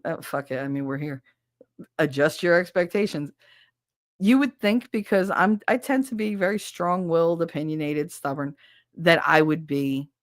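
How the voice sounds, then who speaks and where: In clean studio sound without echo, a deep-voiced woman with a Southern accent hosts a laid-back podcast conversation. Her talk is frank and profane, and she laughs often.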